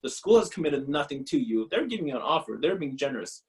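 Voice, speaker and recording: A man in his thirties, a former pro pitcher, talking bluntly and profanely in a casual interview, often laughing. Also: very animated, quick pace, poor audio.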